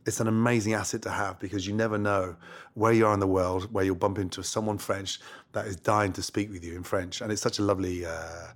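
A middle-aged Scottish man, a chef and guest, telling stories in a brash, swearing, animated way. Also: on the low side. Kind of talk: casual interview.

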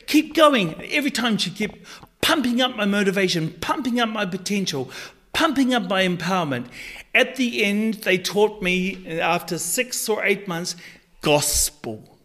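Casting: man, high voice, earnest guest telling an emotional life story. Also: animated, normal speed, sharp tone. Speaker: podcast guest. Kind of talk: personal storytelling.

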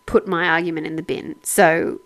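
A woman's voice: sits low, little pitch movement, moderate pace. A woman co-hosting a casual podcast, chatting and laughing often, sounding grateful as she thanks listeners. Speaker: podcast co-host.

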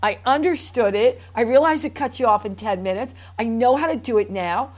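A woman's voice: a little high, fairly quick. A woman hosting a casual chat, frank and enthusiastic, swearing casually as she asks questions. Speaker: host.

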